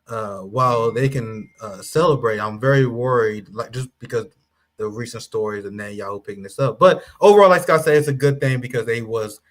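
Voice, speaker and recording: A man talking casually on a podcast panel, conversational and a bit halting. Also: medium pitch. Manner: conversational, with frequent fillers and restarts.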